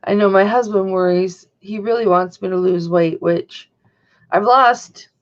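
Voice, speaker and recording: A woman's voice: mid-range voice, unhurried, dull audio. A woman hosting a casual livestream, talking in a chatty, rambling way and answering viewers' chat. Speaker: livestream host. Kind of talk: casual chat to a live audience.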